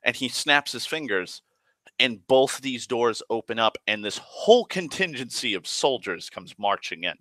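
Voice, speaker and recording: A man's voice: mid-range voice, lively intonation, moderate pace, sharp tone, no echo. A man retelling a tabletop game session in a rambling, profane way, full of fillers and restarts. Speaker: storyteller.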